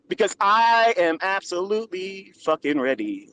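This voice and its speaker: A man's voice: high-pitched, expressive, moderate pace, background noise. A man in a played-back clip, taunting aggressively and swearing heavily in an angry outburst.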